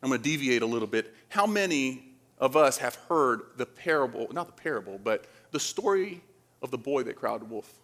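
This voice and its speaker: This preacher, originally from the Dominican Republic, speaks in a mid-range, fairly bright voice with lively intonation and a moderate pace. His sermon feels casual and chatty, and he regularly checks in with the crowd by asking questions.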